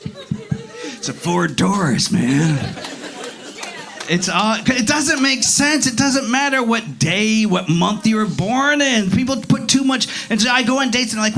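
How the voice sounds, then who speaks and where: A male comedian working a club crowd, swooping all over his range as he riffs and swears. His voice sits high and bright with a gravelly edge. He's close on a handheld stage mic. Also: unhurried, slight background noise. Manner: profane, animated, laughing through lines. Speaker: stand-up comedian. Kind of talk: stand-up comedy set with crowd work.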